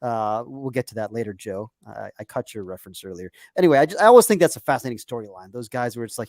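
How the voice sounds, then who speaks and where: A man co-hosting a sports podcast in casual chat, talking in an animated way. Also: mid-range voice, quick pace, hardly any pauses, no room sound, clean studio sound. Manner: animated, lots of "like" fillers. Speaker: podcast co-host.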